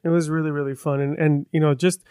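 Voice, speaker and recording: A man's voice: fairly high pitch, flat delivery, fast, mellow, smooth, dry recording, clean studio sound. An American man in casual chat as a podcast co-host, easygoing and agreeable, often laughing along. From United States.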